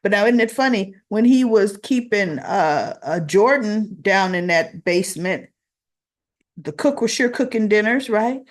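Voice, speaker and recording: A woman's voice: medium pitch, animated, unhurried. A woman chatting casually as she retells soap opera scenes, acting out the lines with her own asides. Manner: chatty, reenacts dialogue with asides. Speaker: soap opera recap host.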